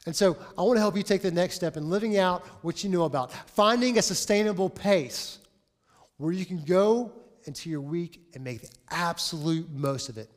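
A man in his forties preaching a sermon as pastor, telling a story with lively acted-out dialogue. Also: high voice, normal speed. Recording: long reverb of a large hall.

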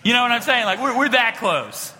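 Man, pastor, sermon in a big reverberant hall; bright, lively pitch, animated storyteller. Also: brisk. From small-town rural upbringing. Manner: animated storytelling, swings between loud punchlines and hushed low passages.

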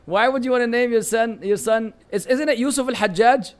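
Man, Lebanese Arabic accent, high voice, live Q&A teacher, animated, teasing. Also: fairly quick. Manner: animated, bantering, frequent Arabic phrases, searches for words. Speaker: Islamic teacher answering viewer questions. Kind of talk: live-stream Q&A reading chat comments.

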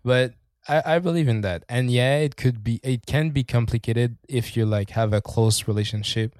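Man, casual co-host, middle pitch, rambling and profane, dry close sound. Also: moderate pace, a little mellow, no echo. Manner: rambling, swears often, laughs mid-sentence. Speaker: podcast co-host. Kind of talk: casual chat.

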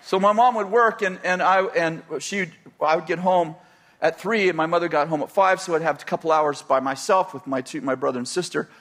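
A man's voice: on the high side, brisk, a bit bright. An older man from California telling a personal story in a rambling way, with many restarts and chuckles. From California, USA.

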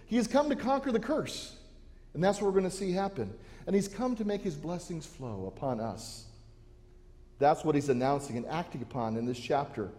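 A man's voice: a little high, animated, moderate pace, dark tone, long reverb tail. A pastor preaching a sermon to his church, earnest and given to restarting his phrases. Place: church sanctuary.

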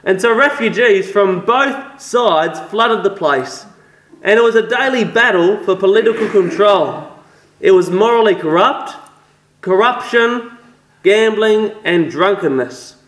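An Australian man plays a shy, scholarly reformer from the 1500s who prefers a quiet library, talking earnestly in a high voice. The sound carries a roomy echo. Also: expressive, measured pace. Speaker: costumed historical guest. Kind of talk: in-character interview.

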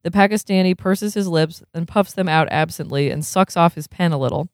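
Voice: medium pitch, brisk, no room sound, clean studio sound. A reader reading a novel aloud, chuckling often and breaking off for casual comments.

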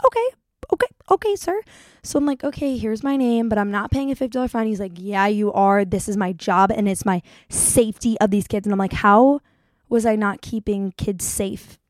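A young woman tells a long story straight to her audience, chatty and animated, slipping into voices for the people in it. Her voice sits in an ordinary middle range. The sound is dry and close, with no room echo. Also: mid-range voice, normal speed. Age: young adult. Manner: chatty, animated, acts out quotes. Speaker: vlogger. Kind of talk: casual storytelling vlog.

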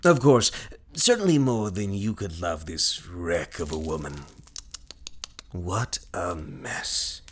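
Un uomo che interpreta un marito cattivo e subdolo, gentiluomo d'epoca, sprezzante e teatrale. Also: male voice, sits low, lively intonation, slow, slightly rough, heavily acted. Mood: gloating. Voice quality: sneering, contemptuous, theatrical. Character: scheming, scornful gentleman villain husband. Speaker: villain. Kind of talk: period drama acting.

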